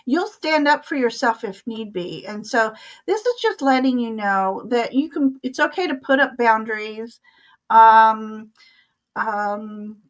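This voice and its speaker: Unhurried high-voiced woman reading cards. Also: low-quality recording. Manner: hesitant, with frequent ums and soft laughs. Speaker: tarot reader co-hosting a live stream. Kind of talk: casual oracle card reading.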